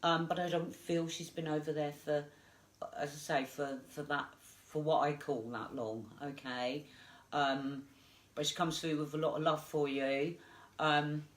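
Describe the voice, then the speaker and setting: A woman medium giving a live psychic reading, gentle and reassuring, halting with many fillers. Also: low-pitched, fairly even intonation. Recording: echoey room.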